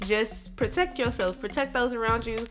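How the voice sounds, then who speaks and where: A woman who works as a bartender, telling a story in a blunt, profane, animated way, swinging between loud venting and calm reflection. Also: on the high side, moderate pace, soft background music. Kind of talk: casual storytelling monologue.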